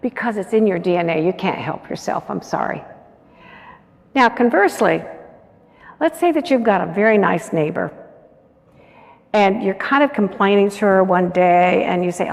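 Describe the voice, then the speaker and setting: A woman's voice: mid-range voice, expressive, moderate pace, vocal fry, pauses often. A woman giving a motivational conference talk, earnest and coaxing, often putting questions to the audience. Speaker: conference keynote speaker. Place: large conference hall. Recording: echoey conference hall.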